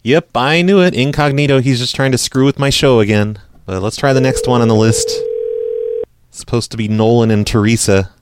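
A man's voice: mid-range voice, a little fast, background noise. A man hosting a prank-call show, talking casually with lots of fillers and making phone calls. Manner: rambling, chatty, many fillers.

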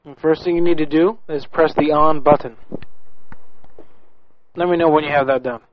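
A man hosting a prank-call radio show, teasing callers with cheeky, deadpan banter. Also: a little high, normal speed. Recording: dull radio recording with faint music.

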